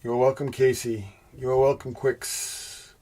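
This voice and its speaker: A man's voice: mid-range voice, level tone, unhurried, dark tone. A man hosting a livestream, out of breath and congested, hesitating with many fillers as he thanks viewers by name and makes insinuating asides. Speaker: host of a livestream presentation. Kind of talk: casual livestream chat, reading viewer comments.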